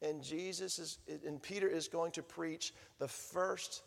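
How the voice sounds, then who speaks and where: A man preaching a sermon, animated, swinging from hushed lines to booming ones. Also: a little slow, gravelly, big-room sound. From Southern United States. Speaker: pastor.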